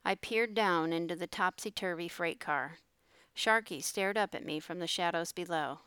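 A woman narrates an audiobook in a steady, measured manner. Her voice is low and smooth. The recording is close and completely dry. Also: no echo.

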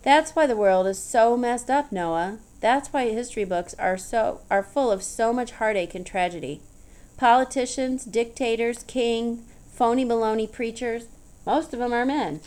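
A woman's voice: fairly high pitch, a little slow, darkish tone, voice pushed up, natural voice. A woman voicing a tall, tough, blunt woman with a wry, drawling, teasing manner in an audiobook.

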